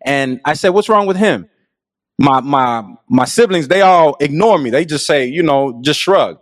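Man, middle-aged, earnest, reflective storyteller, casual speech, fairly high pitch. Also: moderate pace, no room sound, clean studio sound. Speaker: guest telling his conversion story. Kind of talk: personal storytelling.

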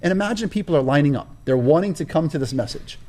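A man's voice: on the high side, animated, fast, dark tone. A man telling his own story as a guest in an interview, emphatic and stressing key words in a preaching cadence. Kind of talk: personal storytelling in a conversation.

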